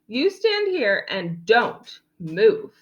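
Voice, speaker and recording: A woman's voice: fairly high pitch, huge pitch swings, extremely slow, dull audio, noisy background, exaggerated voice. A woman voicing a patient but exasperated father of a small girl in a storybook reading. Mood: stern.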